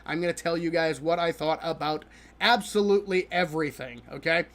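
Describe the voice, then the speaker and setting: A man's voice: fairly high pitch, a bit bright. A man hosting a live stream, talking through a show he disliked while he plays a game. He is exasperated and mocking, laughs often, and stumbles and restarts his sentences a lot. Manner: halting with many restarts. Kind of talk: live-stream reaction commentary while gaming.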